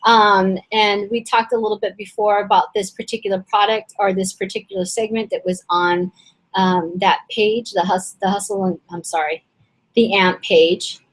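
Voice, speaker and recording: A woman coach talks members through an online session in a loose, chatty way. She rambles and restarts her sentences with plenty of fillers, and her voice sounds slightly hoarse and worn. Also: medium pitch, steady tone, moderate pace, rough recording. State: voice a little hoarse and strained. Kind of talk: casual webinar teaching.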